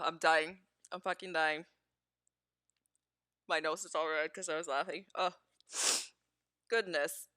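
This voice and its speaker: A woman's voice: on the low side, pushed and bright, no room sound, studio quality. A woman live streamer chatting casually with her viewers, laughing often and swearing freely.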